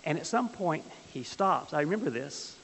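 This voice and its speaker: A man's voice: on the high side, lively intonation, normal speed, vocal fry, a bit bright. A man teaching a church Bible class with a folksy, joking manner, telling stories and asking the class questions. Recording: hissy, long-reverb hall.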